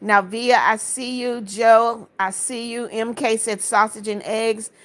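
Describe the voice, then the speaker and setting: Hosting a relaxed livestream, this woman from Florida reads out her viewers' comments and replies to each with warm greetings and blessings. She speaks slowly in a fairly high, a bit bright voice with fairly even intonation.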